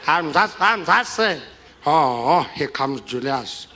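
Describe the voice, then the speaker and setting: A man's voice: a little high, expressive, takes it slowly, background noise. A man putting on the voice of a playful, chuckling male statesman, teasing as he tells old jokes. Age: 90s.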